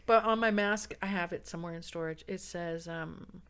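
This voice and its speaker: A woman from San Diego, a podcast guest, telling stories in a lively casual chat. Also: on the low side, normal speed, clear, resonant tone. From San Diego, California. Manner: animated, acts out other people's lines in the stories.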